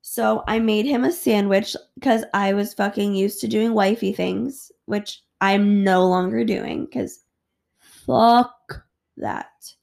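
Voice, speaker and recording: A woman's voice: mid-range voice, steady tone, measured pace, creaky, a little mellow. A woman hosting a podcast who tells a personal story in a candid, rambling, profane way. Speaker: podcast host. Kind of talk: casual storytelling.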